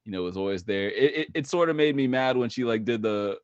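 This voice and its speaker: A man's voice: medium pitch, lively intonation, brisk, no room sound, highs cut off. A man hosting a casual sports podcast, talking loosely with lots of filler words. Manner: loose, laid-back talk full of "like" and "right on". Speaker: podcast host.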